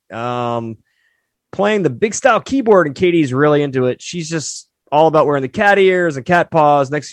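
A man's voice: medium pitch, no room sound. A man co-hosting a podcast, chatting loosely about a TV show and filling his talk with "like". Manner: loose and filler-heavy, often saying "like". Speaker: podcast co-host. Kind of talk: casual chat, recapping a TV show.

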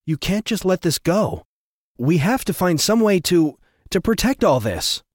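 A man's voice: sing-song, unhurried, no room sound, clean studio sound, heavily acted. A man putting on a fiery young woman. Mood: indignant. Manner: raised pitch, emphatic and indignant. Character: determined young woman, passionate and outspoken.

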